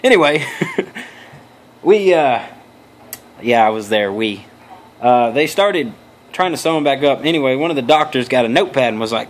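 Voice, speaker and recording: A young adult man vlogs a story in a loose, meandering way, full of restarts and crude, profane jokes and asides. His mid-range voice is expressive, at a moderate pace with long pauses.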